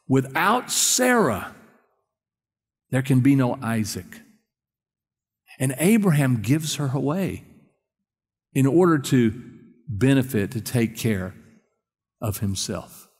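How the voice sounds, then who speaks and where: Man preaching in a reverberant church. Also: medium pitch. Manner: conversational preaching, quizzing the congregation. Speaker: pastor. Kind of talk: sermon. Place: church sanctuary. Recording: long hall reverb.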